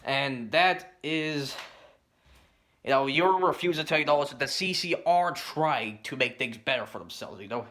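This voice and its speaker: A man delivering a rambling commentary rant, filling his points with "you know" and "stuff like that" and often clearing his throat. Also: mid-range voice, fairly quick, few pauses, a bit bright. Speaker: commentary YouTuber.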